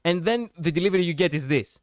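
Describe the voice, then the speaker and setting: Rambling, swearing streamer with a smooth voice. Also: male voice, sits high, lively intonation, fast talker, dry recording, studio quality. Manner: rambling, many fillers, swears freely. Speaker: streamer reviewing lore videos. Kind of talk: casual reaction commentary.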